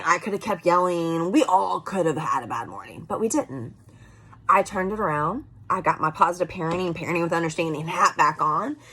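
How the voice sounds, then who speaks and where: Chatty woman in her forties, lively pitch. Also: husky. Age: 40s. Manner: chatty and candid, swinging between loud and soft asides. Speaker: vlogger. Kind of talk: casual vlog talk.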